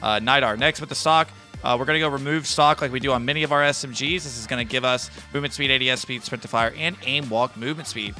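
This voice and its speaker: A young man streaming a shooter game, commenting in excited bursts, shouting and repeating phrases, then walking through his loadout. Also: medium pitch, quick pace, soft background music. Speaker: gaming streamer. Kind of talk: excited live gameplay commentary.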